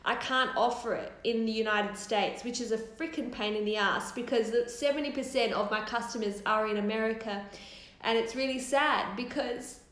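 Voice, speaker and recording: Hosting a live Q&A from her new office, a thirtysomething Australian woman talks at a moderate pace in a highish, fairly bright voice. She runs a hair topper business and chats in a rambling, casually profane way, with roomy office echo around her.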